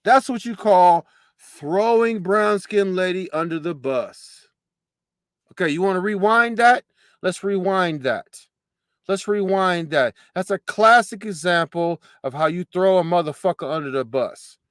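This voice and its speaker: A man with a high voice runs his own show, tearing into a replayed clip with profane, mocking commentary. He hammers the same phrases over and over. The sound is dry, with no room echo. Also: expressive, unhurried. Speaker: show host reacting to a clip. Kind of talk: casual reaction commentary.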